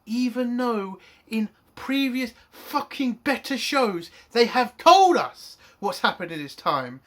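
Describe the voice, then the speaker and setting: A man's voice: very high voice, very animated, slow pace, a bit bright. A man reviewing a TV episode in an angry, profane rant. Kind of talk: spoken TV review.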